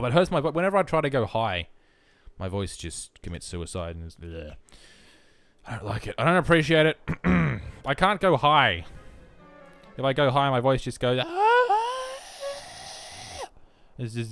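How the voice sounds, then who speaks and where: A man's voice: medium pitch, lively intonation, moderate pace, fairly bright tone. A young man giving casual, self-mocking let's-play commentary, chatting to the game as he plays. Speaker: gaming video host.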